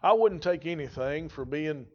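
A man's voice: on the high side, normal speed, lo-fi sound. A man preaching a sermon in a folksy, emphatic way, his intensity rising and falling. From rural.

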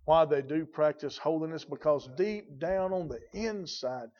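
A man's voice: fairly high pitch, expressive, a little slow, darkish tone, dull audio. A man preaching a sermon in a folksy, emphatic way, his intensity rising and falling. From rural.

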